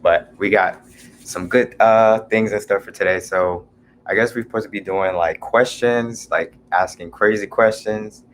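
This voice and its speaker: A young man chats through a livestream at an unhurried pace. His voice sits a little low, and he greets viewers one by one in a relaxed, easygoing way. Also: a little hiss or hum. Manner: slow, laid-back talk, greeting viewers by name. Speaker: livestream host. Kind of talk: casual livestream chat.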